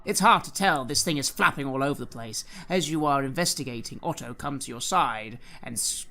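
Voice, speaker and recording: A man's voice: mid-range voice, a little fast, gravelly, pushed and bright. A man narrating a tabletop horror game as game master, with detailed scene descriptions. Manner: detailed, vivid scene-setting.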